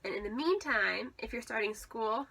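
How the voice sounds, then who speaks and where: A young woman talks through her book haul in a loose, rambling vlog chat, full of likes and ums. Her voice sits a little high and sounds bright and forward. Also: lively intonation, moderate pace, gravelly, breathy edge. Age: young adult. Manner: chatty, rambling, with frequent "like" and "um". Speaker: book vlogger.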